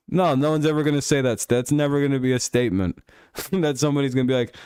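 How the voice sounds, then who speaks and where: A man's voice: fairly high pitch, fairly even intonation, fast, a little mellow, smooth, dry recording, clean studio sound. A man hosting a casual live stream, riffing sarcastically and swearing freely. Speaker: podcast host.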